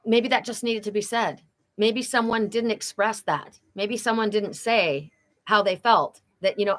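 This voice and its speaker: A woman's voice: medium pitch, unhurried. A middle-aged woman doing a live oracle card reading, talking earnestly and repeating phrases for emphasis.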